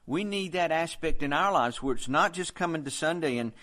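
A man's voice: on the high side, animated, a little fast, a bit bright. A man preaching a sermon in an earnest, conversational way, quoting scripture as he goes.

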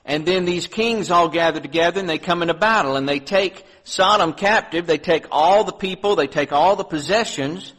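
A male pastor delivers a sermon with a slightly raised voice. He talks earnestly and conversationally, lifting his voice when he reads scripture and dropping to a softer tone when he reflects. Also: high voice, normal speed, hardly any pauses, rough recording. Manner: earnest preaching, rising on scripture readings, dropping soft on reflections.

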